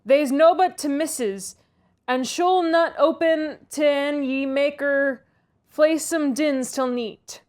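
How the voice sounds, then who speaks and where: A woman voicing a gruff old male farm servant, reading his thick rural dialect phonetically and loudly. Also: high voice, takes it slowly, voice pushed up.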